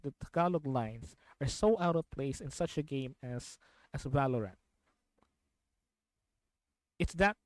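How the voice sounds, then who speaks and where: Filipino-ish? no, just a streamer dude rambling, fairly high voice, super dry sound. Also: male voice, darkish tone, no room sound. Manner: rambling, repeats himself, laughs often. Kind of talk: casual live-stream chat.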